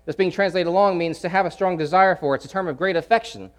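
Brief: man, sermon delivery, emphatic, slightly high pitch, shifts from loud to hushed. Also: fast. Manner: emphatic, repeats key phrases, swings between loud and hushed. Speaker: preacher.

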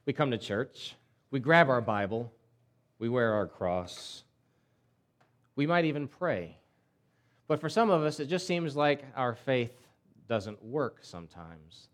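A man's voice: medium pitch, big pitch swings, takes it slowly, pauses often. A male pastor delivering a sermon in a conversational storytelling way, often restarting his words.

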